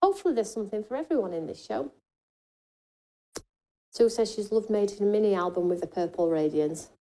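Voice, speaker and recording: Cheerful female host for a live shop-at-home craft segment, jokey and chatty, pitching offers. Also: animated, fairly quick, warm tone. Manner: chatty, jokey, reads out viewer comments. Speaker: shopping show host. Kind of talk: live craft shopping presentation.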